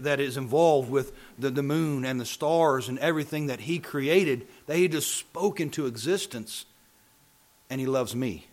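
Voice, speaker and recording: A man preaching a sermon. He repeats phrases for emphasis and builds from calm talk to loud, impassioned preaching. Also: mid-range voice.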